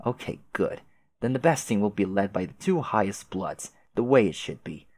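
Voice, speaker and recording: A man's voice: lowish voice, big pitch swings, moderate pace, a little mellow. A man voicing a haughty, sarcastic teenage girl troll who schemes and taunts. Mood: scheming. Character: snooty haughty female teen troll schemer.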